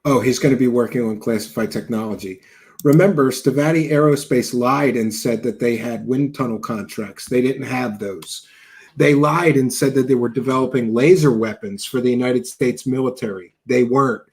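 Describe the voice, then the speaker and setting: A man's voice: medium pitch, normal speed, darkish tone, slightly rough. A man hosting a show, giving mocking, sarcastic commentary over video clips and thanking viewers for donations. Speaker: show host reacting to clips.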